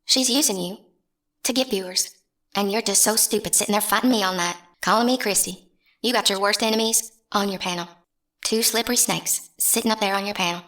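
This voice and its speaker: A woman's voice: medium pitch, a bit bright. A young woman, ranting bluntly and scornfully in a casual vlog. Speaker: channel host.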